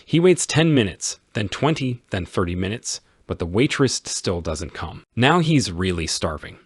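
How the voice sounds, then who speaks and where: Lively, husky man reading a kids' story. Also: lowish voice, moderate pace, dry recording, clean studio sound. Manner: clear, emphatic storytelling. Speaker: story reader. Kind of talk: scripted story reading for English learners.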